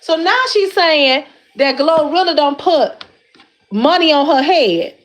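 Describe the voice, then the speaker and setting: A woman hosts her own commentary, talking in a high voice full of slang. She is animated and exclamatory, circling back on the same words again and again as she talks straight to her viewers. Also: takes it slowly. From Detroit. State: slightly winded while lifting weights. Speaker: YouTube commentary host. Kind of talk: casual commentary chat.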